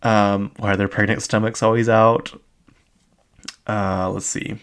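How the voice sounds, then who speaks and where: Brief: man host, low gravelly voice, loose rambling recap chat full of "like"s. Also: little pitch movement, a little slow, fairly bright tone. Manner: rambling, many fillers and "like"s. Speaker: podcast host.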